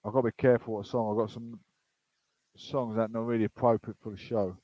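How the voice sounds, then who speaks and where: A man's voice: lowish voice, level tone, fast, dark tone, no echo, low-quality recording. A man hosting a casual political commentary show. He reads news aloud and breaks off into rambling, chatty asides.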